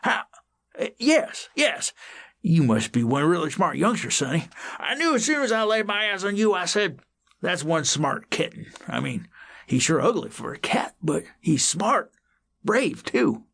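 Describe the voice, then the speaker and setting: A man's voice: on the high side, very animated, normal speed, creaky, fairly bright tone, husky, pitched above the performer's own voice, exaggerated voice. A man voicing a chatty, forgetful old male house cat who rambles and repeats himself in a children's audiobook.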